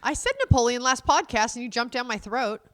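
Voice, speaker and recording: A woman's voice: on the high side, a little fast. A woman in her forties co-hosting a podcast, teasing and sarcastic, often cutting in. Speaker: podcast co-host. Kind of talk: casual chat.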